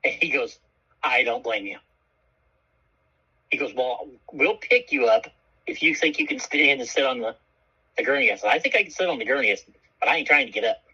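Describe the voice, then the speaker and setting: A man co-hosting a radio show tells a story with a bright, edgy, slightly husky voice, cursing freely and acting out each person he quotes. The broadcast sound is dull and muffled. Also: mid-range voice, normal speed, long pauses. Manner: animated, profane, acts out quoted voices. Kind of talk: casual storytelling chat.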